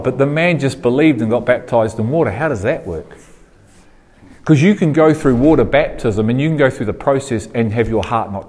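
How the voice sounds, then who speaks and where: Man preaching a sermon in a reverberant hall. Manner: animated preaching, rising in pitch when fired up; asks the audience questions, repeats phrases.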